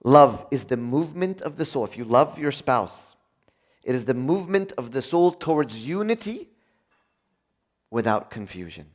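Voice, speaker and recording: Animated man preaching with lively pitch. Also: normal speed. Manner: animated, acts out dialogue, jokes with audience. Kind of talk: sermon.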